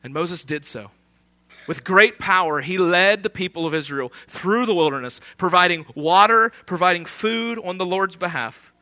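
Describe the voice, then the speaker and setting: A man's voice: high voice, expressive, normal speed, sharp tone. A man preaching a sermon in an emphatic, conversational way, often posing rhetorical questions.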